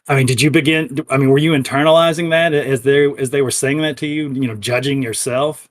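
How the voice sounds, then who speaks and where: Man asking probing interview questions. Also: a little high. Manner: measured, probing questions with restarts. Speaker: interviewer, channel host.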